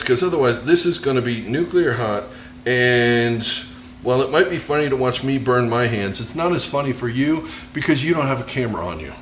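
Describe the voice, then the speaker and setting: A man's voice: medium pitch, a bit bright, a little hiss or hum. Joking American man in an echoey kitchen. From United States. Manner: joking, rambling, self-mocking asides. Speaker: cooking show host. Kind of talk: casual cooking demonstration.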